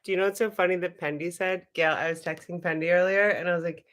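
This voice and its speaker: A woman's voice: lowish voice, fairly even intonation, fast talker, a bit bright. Chatty, giggly woman hosting a livestream. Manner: chatty, giggly, swears freely, addresses viewers directly. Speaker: livestream host. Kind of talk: casual livestream chat.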